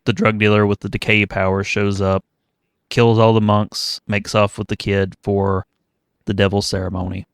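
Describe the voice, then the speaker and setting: A man co-hosting a podcast, recapping a film's plot in a measured, deliberate way, with some swearing. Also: fairly low pitch, little pitch movement, smooth, dry recording, clean studio sound. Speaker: podcast co-host. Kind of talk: casual chat, recapping a film.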